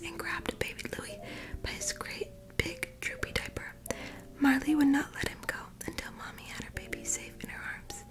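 A woman in a whispered role-play, reading a children's picture book aloud in a slow, hushed bedtime manner. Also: sits high. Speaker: ASMR creator.

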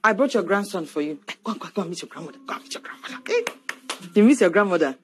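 A woman's voice: mid-range voice, very animated, fairly quick, slight background noise, natural voice. An actress playing a frightened young parent who leaves a grandson with his grandmother, stammering and pleading. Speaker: parent leaving child with grandmother. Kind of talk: film drama acting.

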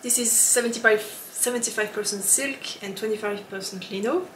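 A woman hosting a knitting podcast in a casual, chatty way, often laughing and pausing with ums. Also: fairly high pitch, fairly bright tone, reverberant, a little hiss or hum. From lives in Switzerland.

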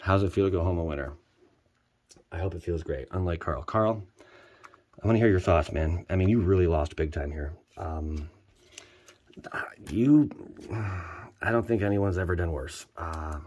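A man casually commenting as he opens card packs for viewers, excitable and joking, jumping between loud hype and quiet muttering. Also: low voice, moderate pace, long pauses. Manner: slangy, joking, teasing. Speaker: channel host opening card packs for viewers.

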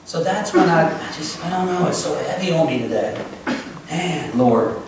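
Impassioned preacher, echoey church. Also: male voice, on the high side, animated, moderate pace, noisy background. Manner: impassioned, swinging between loud pleas and hushed confessions. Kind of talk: emotional sermon. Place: church sanctuary. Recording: echoey church from a distant mic.

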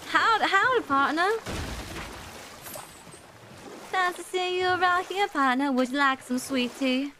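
A woman's voice: sits high, moderate pace, sharp tone, slight background noise, pitched above the performer's own voice. A woman putting on a cheery, folksy southern cowgirl voice with an exaggerated, playful drawl. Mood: hammy.

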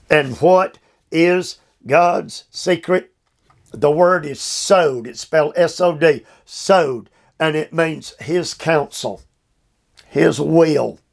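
An older man teaching a verse-by-verse Bible study sermon at home, slow and emphatic with drawn-out phrasing and repeated fillers. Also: fairly high pitch, creaky. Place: his home.

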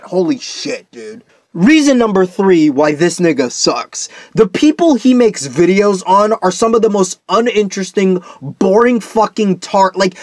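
A man's voice: high voice, no room sound, studio quality. A young man delivering a profane, heated off-the-cuff commentary rant, full of restarts. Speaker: commentary YouTuber.

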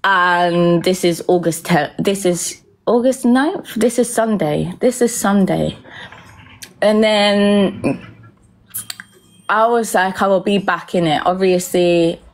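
A woman's voice: mid-range voice, slow pace. A young woman telling a personal story in a rambling, casual way, swearing often and filling gaps with "um" and "like". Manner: rambling, heavy swearing, frequent fillers. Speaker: vlogger.

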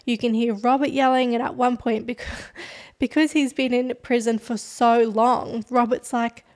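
Chatty woman podcast host, slightly high voice. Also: a little slow. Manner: chatty, heavy use of "like" as filler; lively, dramatic retelling. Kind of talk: casual true-crime storytelling.

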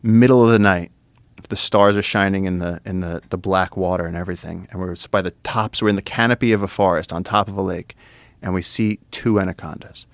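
A man, a podcast guest, excitedly telling an adventure story with lots of fillers, restarts and swearing. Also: low-pitched, a little fast, no room sound. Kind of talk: animated storytelling. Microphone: studio podcast mic.

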